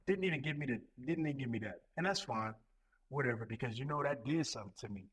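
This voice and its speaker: A man in his thirties, a Marine recruiting leader and podcast guest, telling stories in a profane, animated way full of repetitions. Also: medium pitch, fast, breathy edge, low-quality recording. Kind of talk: casual podcast chat.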